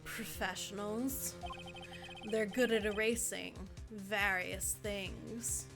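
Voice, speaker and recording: A woman voicing a cool, menacing female mafia boss, speaking slowly and calmly with quiet threat. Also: medium pitch, vocal fry, over music. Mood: cold menace. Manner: slow, calm, threatening.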